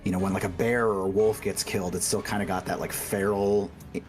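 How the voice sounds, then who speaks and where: A man runs a tabletop game, describing scenes in a loose, rambling way and piling on fillers. His voice is very deep. Faint music sits in the background. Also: fairly even intonation, quick pace, a little mellow. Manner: rambling, full of "like" and restarts. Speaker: game master.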